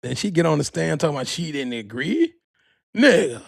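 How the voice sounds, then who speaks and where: A gravelly, husky male podcast host with a dry, close sound. He tells stories with big swings in his voice, swears freely and laughs along with himself. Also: fairly high pitch, sing-song, a little fast, dry recording. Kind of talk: loose comic storytelling.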